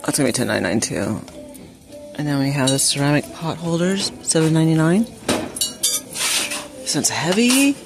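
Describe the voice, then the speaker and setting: A woman's voice: deep voice, quick pace, music in the background. A woman chatting to her viewers while shopping in a large store, reading out prices, a bit sniffly from allergies. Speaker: shopping vlogger. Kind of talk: casual shop-with-me chat. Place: large retail store, indoors. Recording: store ambience noise.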